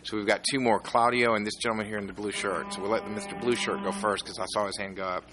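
A man moderating a public Q&A who briskly cuts speakers off and calls the next person up. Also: on the low side, steady tone, over music. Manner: brisk, keeps the queue moving. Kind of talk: moderating a Q&A session.

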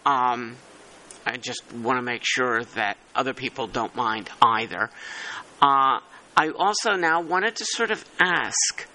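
Man, meeting chair, bright tone, slightly high pitch, halting restarts. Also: rough recording. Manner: halting, restarts, thinking aloud. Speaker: working group chair. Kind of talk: meeting discussion.

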